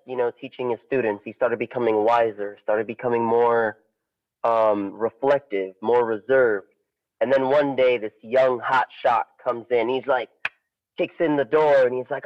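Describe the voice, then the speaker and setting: Man telling a story, lo-fi audio. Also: medium pitch. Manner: animated, relaxed storyteller. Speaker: podcast co-host. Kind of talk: casual storytelling. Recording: dull lo-fi audio.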